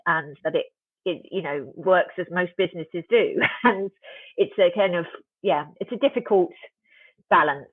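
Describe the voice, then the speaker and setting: A woman's voice: low voice, husky, no echo. A woman, a guest author, talking reflectively in an interview, often restarting her sentences. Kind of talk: conversational interview. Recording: tinny dry phone line.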